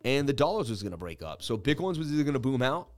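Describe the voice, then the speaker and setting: A man's voice: mid-range voice, big pitch swings, fast talker. A man in his thirties hosting a crypto trading livestream, rambling through charts in casual chat and laughing at his own jokes.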